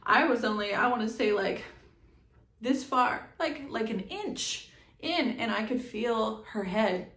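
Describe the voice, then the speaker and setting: A young adult woman telling her own birth story in a chatty, animated way, with many quick asides and laughs. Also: medium pitch. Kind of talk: casual storytelling to camera. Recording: echoey room.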